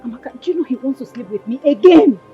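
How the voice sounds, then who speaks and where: A woman's voice: sits high, expressive, fast. An actress with a Nigerian accent playing a frightened, angry young village woman. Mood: upset. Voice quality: frustrated, pleading. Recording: dull film audio with loud music.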